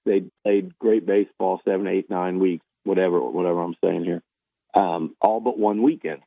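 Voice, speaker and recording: A man's voice: lowish voice, dry recording. A man giving casual sports analysis. He rambles, restarting and repeating himself as he works through his points. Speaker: baseball analyst. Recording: tinny phone-line sound.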